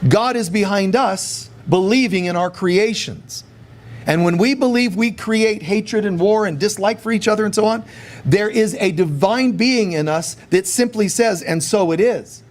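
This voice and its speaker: A man giving a casual spiritual teaching talk, animated and conversational, acting out quoted prayers along the way. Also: high voice.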